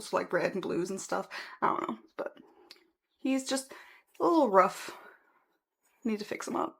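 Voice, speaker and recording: A woman vlogging casually from a room at home, chatting in a rambling way and correcting herself as she goes. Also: mid-range voice. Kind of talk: casual vlog chat.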